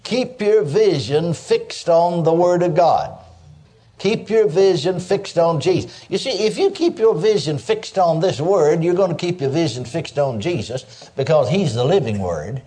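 An older man preaching a sermon in a folksy, animated way, dropping in frequent exclamations of praise. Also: a little high, a little slow.

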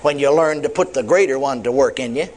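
A male preacher telling a story in a sermon, emphatic and animated, acting out both sides of a conversation. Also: mid-range voice, brisk. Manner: animated, emphatic, acts out dialogue.

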